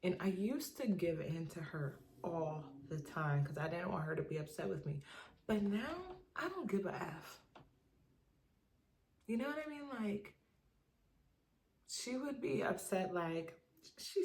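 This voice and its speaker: A woman's voice: on the low side, very animated, measured pace, long pauses, a little mellow, a little hiss or hum. A young adult woman talking casually to camera in an emphatic, chatty way, often asking "you know what I mean". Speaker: vlogger. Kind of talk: casual advice monologue to camera.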